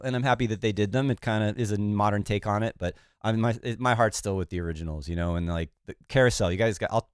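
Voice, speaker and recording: Casting: male livestream host, lowish congested voice, laid-back and rambling, dry close mic, faint music under. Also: dry recording. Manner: relaxed, rambling, many fillers. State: congested, recovering from illness. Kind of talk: casual livestream chat.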